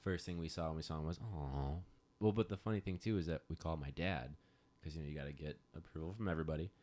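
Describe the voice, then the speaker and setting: A young man in casual chat, telling stories in an animated, chatty way. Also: extremely low pitch, racing. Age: young adult.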